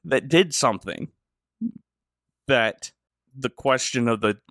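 A man co-hosting a podcast, recapping a short film in casual comedic chat with deadpan delivery and lots of giggling. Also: medium pitch, takes it slowly, no room sound, clean studio sound. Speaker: podcast co-host.

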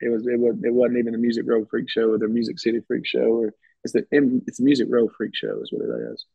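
A man with a mid-range, gravelly, slightly rough voice talks quickly as a podcast guest, with no echo. He tells stories in a rambling, casual, chatty way, often restarting his phrases. The recording sounds dull and slightly muffled.

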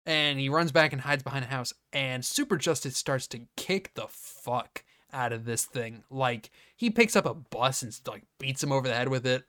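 A man hosting a casual podcast, retelling a film scene by scene in an animated, profane way with lots of fillers. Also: medium pitch, normal speed, few pauses, smooth, no room sound. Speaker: podcast host.

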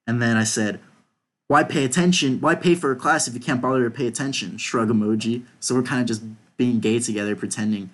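Chatting casually on his podcast, a young male host reads out messages from a group chat, his offhand talk peppered with swearing. He speaks a little fast in a mid-range, fairly bright voice.

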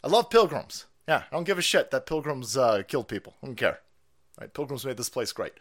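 A livestream host rants about politics in a foul-mouthed, mocking way. His medium-pitched voice is sing-song and brisk, and he's loud, swinging between mutters and yells.

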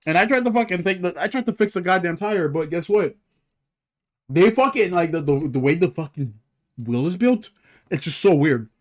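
This young man co-hosts a casual podcast, venting about his week with plenty of cursing and restarts. His high voice is expressive, and he talks at normal speed.

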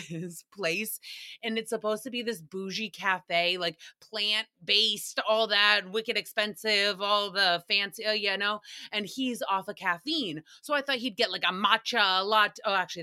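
Give me a young woman hosting a casual podcast recap, telling lively stories with a bright, crisp tone. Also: medium pitch. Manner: animated storytelling with playful swearing and mock voices. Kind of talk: casual solo podcast chat.

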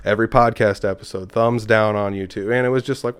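A man with a lowish voice talks quickly and loosely as a podcast guest. He rambles through anecdotes in casual chat and slips into the voices of people he quotes. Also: steady tone, clear, resonant tone. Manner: rambling storyteller who acts out quotes. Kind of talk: casual conversation.

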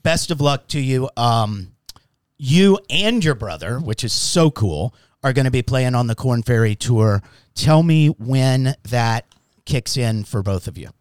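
A man hosting a podcast, a lively, joking storyteller in casual chat. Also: mid-range voice, a little slow, clear, resonant tone, no echo. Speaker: podcast host. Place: podcast studio.

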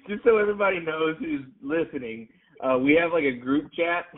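A man's voice: a little high, lively intonation, fairly quick. A man co-hosting a podcast, bantering and teasing between laughs, heard off mic through tinny phone-like audio. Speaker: podcast co-host. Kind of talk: casual podcast chat.

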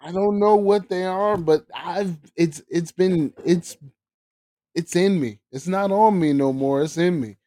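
A man's voice: high-pitched, unhurried, warm tone, no echo, studio quality. A man co-hosting a podcast, telling joking, profane stories in casual chat. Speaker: podcast co-host.

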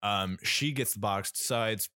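A man's voice: lowish voice, a little slow, bright, forceful tone, clear, resonant tone, no echo, studio quality. A man co-hosting a podcast, casually reviewing a film, rambling with many fillers and restarts. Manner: rambling, lots of fillers and restarts, laughs often. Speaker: podcast co-host.

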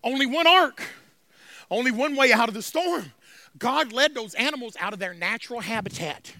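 A man's voice: very high voice, animated, normal speed, bright, forceful tone. A man preaching a sermon as pastor, emphatic, calling out for amens from the congregation. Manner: emphatic, call-and-response.

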